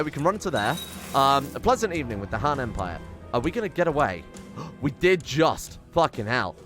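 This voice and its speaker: Young guy playing a strategy game, swears constantly, gets loud and worked up, faint music under him. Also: mid-range voice. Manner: excitable, swears a lot, mutters to himself. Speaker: gaming channel host. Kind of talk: let's play commentary.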